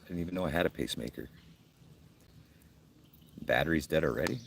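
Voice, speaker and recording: Deep-voiced, blunt outdoorsman host. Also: a little fast, slight background noise. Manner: gruff, blunt and joking. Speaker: livestream host. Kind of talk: casual livestream chat reading comments. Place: outdoors at a campsite by a fire.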